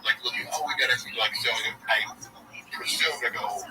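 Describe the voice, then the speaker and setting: A young man calling in and telling a story in casual chat, animated and full of filler words. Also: medium pitch, normal speed. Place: online voice chat. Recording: distant mic with music behind.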